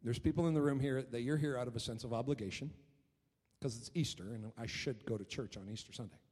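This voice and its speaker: A man preaching a sermon as pastor, telling stories in an animated way and often repeating his words. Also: mid-range voice, quick pace, husky. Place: church hall. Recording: long reverb of a church hall.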